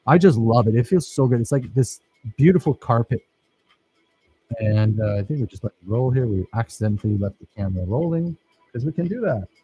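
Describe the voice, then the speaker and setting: A man's voice: mid-range voice, animated, fairly quick, mellow, slightly rough, soft background music, poor audio. A man teaching a filmmaking workshop, talking casually and enthusiastically over his own footage and praising his students.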